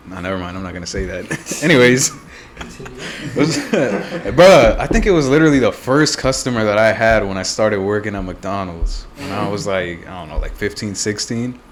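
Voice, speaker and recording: A man's voice: on the low side, expressive, normal speed. Laughing young man, faint hum behind. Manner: laughs often, swears freely. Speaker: podcast co-host. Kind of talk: casual chat.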